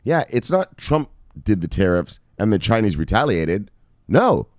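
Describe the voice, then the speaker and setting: A man's voice: fairly low pitch, measured pace, no echo, studio quality. Ranting, profane man. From United States. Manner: ranting, profane, animated, lots of fillers. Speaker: crypto news host. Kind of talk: casual profane commentary.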